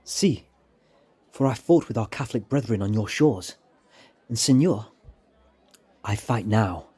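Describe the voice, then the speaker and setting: A man's voice: on the low side, lively intonation, unhurried, warm tone, husky, exaggerated voice. A man voicing a sly, charming male plotter with a raised, theatrical delivery. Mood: conspiratorial.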